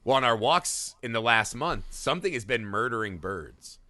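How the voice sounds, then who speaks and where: A man in his thirties co-hosting a casual film podcast, telling stories in an animated way, swearing often and tagging lines with "right?". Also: medium pitch, normal speed, no echo, studio quality. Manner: animated storyteller, swears a lot, keeps asking "right?". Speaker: podcast co-host.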